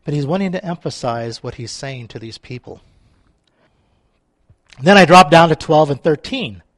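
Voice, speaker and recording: High-pitched male preacher, conversational and playful, recorded dry and close. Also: expressive, normal speed, fairly bright tone, dry recording. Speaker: pastor. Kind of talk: sermon.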